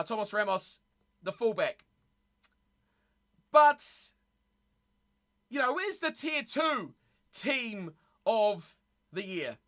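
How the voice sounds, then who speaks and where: A woman's voice: a little high, pushed and bright. A woman streamer chatting casually with her live chat, blunt and opinionated, often losing her train of thought.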